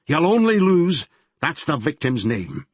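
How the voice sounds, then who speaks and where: A man voicing a gruff, bullying male detective with a Glaswegian accent, snarling through an interrogation in an audiobook. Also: on the high side, huge pitch swings, measured pace, dry recording, voice pushed up, full character voice. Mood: menacing. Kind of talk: audiobook character reading.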